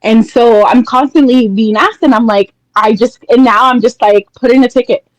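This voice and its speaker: A woman's voice: on the high side, normal speed, dry recording, poor audio. A woman calling in to a podcast, animatedly telling a workplace story and acting out coworkers' lines. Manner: animated, quotes people with mock voices. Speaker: caller. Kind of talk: casual storytelling.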